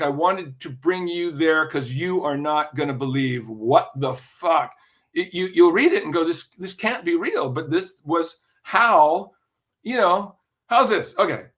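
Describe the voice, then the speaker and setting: Older man telling stories with sharp brightness. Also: on the high side. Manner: animated anecdotal storyteller, frequent restarts and throat clearing. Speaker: podcast guest, music industry veteran. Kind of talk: casual interview storytelling.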